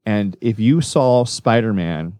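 Low-voiced man telling stories animatedly. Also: slow, dry recording, clean studio sound. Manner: rambling, self-correcting, animated storytelling. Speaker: magician guest. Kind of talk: casual podcast interview.

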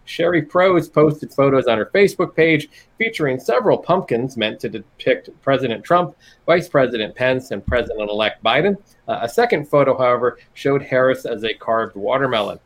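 A man's voice: mid-range voice, lively intonation, normal speed. A man co-hosting a casual podcast, reading out news stories and adding wry, joking asides. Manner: wry, reads news items with jokey asides. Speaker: podcast co-host. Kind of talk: casual news-commentary chat.

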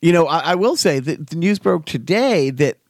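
A man's voice: fairly high pitch, lively intonation, moderate pace, no echo. Man, podcast co-host, rambling, restarts, dry close mic. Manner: rambling, many restarts and fillers. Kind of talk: casual chat.

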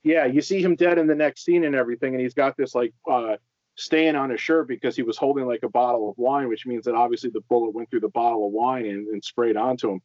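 A man's voice: mid-range voice, fast talker, darkish tone, no room sound. A man co-hosting a casual podcast about films, rambling with many fillers and restarts. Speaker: podcast co-host. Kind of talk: casual film discussion. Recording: slightly dull lo-fi audio.

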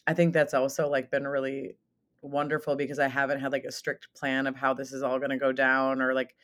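Woman, late thirties, from Southern Minnesota, podcast guest, energetic, chatty, frequent laughter. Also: very deep voice, a little fast. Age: 30s. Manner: chatty and energetic, laughs often, many fillers. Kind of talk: casual podcast interview.

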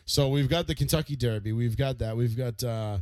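A man's voice: medium pitch, brisk, darkish tone, dry recording. A man co-hosting a podcast, ranting animatedly and profanely in casual sports chat. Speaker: podcast co-host.

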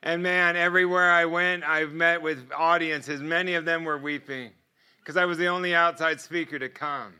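A middle-aged man telling stories as a guest speaker in a sermon, animated and often laughing between lines. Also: on the high side, moderate pace, clear, resonant tone. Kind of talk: sermon storytelling.

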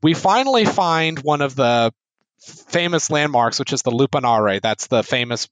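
An American man tells a travel story in a relaxed interview, jumping into quick bits of dialogue as he goes. His voice sits at an ordinary middle pitch. The recording is close and dry, with no room sound. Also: no echo, rough recording. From United States. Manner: animated anecdote with laughs and quoted dialogue. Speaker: sword instructor and guest.

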